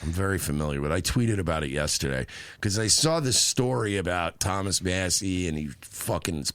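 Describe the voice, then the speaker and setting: A man's voice: low voice, brisk, smooth, no room sound. A man co-hosting a podcast, telling stories in profane, casual political banter. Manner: animated storytelling, profane. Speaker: podcast co-host.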